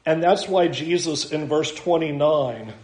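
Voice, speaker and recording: A man's voice: a little high, a little slow, a little mellow, reverberant. A man preaching a sermon in a conversational, self-deprecating way, acting out little asides. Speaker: pastor.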